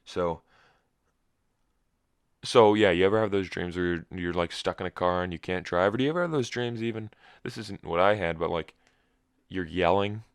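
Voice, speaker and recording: A man's voice: low-pitched, moderate pace, long pauses, smooth, dry recording. A young man hosting a solo podcast, groggy and just woken up with a cracking voice, telling a rambling story with wry asides. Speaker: podcast host.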